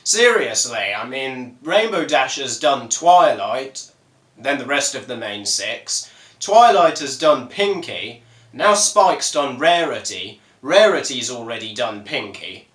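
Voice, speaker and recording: A man's voice: mid-range voice, big pitch swings, takes it slowly, fairly bright tone. A man reacting to a cartoon, asking exasperated questions. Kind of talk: reaction commentary. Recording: echoey room.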